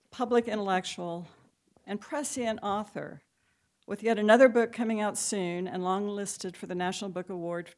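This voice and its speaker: A woman host giving a prepared introduction to open an event, reading a list of praises with a touch of light humor. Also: mid-range voice.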